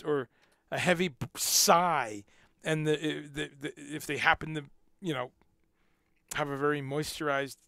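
A man's voice: fairly high pitch, creaky, bright, forceful tone, no echo, clean studio sound. A man hosting a casual livestream, rambling and repeating words as he talks, now and then swearing. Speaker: livestream host.

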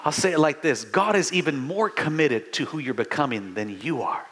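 A middle-aged male pastor preaching a sermon in a high, ringing voice that swoops up and down. He talks with fervent energy, tripping over quick restarts before bursting into shouts. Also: animated. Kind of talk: live sermon.

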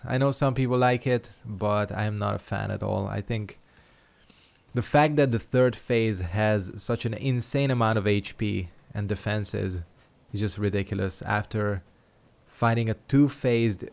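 Gravelly-voiced man swearing through gameplay. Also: fairly low pitch, unhurried. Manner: swearing, sarcastic, frustrated outbursts. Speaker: gaming YouTuber. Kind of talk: casual gameplay commentary.

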